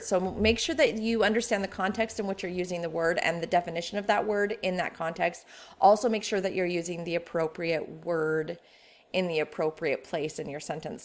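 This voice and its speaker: A woman editor teaching an online writing workshop in a casual, conversational way. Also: fairly low pitch.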